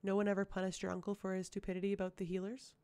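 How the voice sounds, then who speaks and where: A cold, ancient witch commander, flat and clipped, her orders gravelly and dark, voiced by a woman reading an audiobook. Every line is a command. She never raises her voice. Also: mid-range voice, rapid-fire, lightly acted. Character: cold ruthless female witch leader, ancient.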